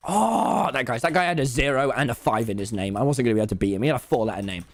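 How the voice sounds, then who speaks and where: A man's voice: medium pitch, animated, racing, no echo. A young British man in his late teens, a streamer telling a rambling, self-deprecating story on his livestream.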